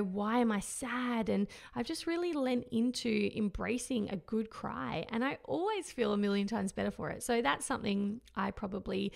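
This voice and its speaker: Woman with a heavily creaky voice. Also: on the high side. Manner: candid and reflective, with fillers and gentle laughs. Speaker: mother sharing her postpartum experience. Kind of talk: casual personal monologue.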